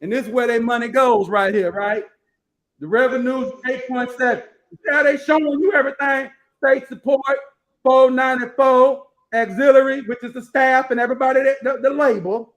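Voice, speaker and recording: A man's voice: extremely high pitch, fairly even intonation, normal speed, a bit bright. A male host giving casual live commentary while browsing, blunt and profane, rambling as he reads figures and definitions aloud from the screen.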